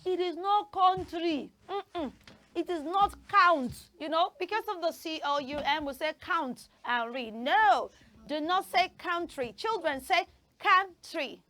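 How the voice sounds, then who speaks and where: A woman's voice: high-pitched, lively intonation, measured pace, pushed and bright. A woman with a Nigerian accent hosting a children's TV show in a studio, teaching pronunciation in an upbeat, coaxing way and drilling words for children to repeat. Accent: Nigerian English. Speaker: children's TV host.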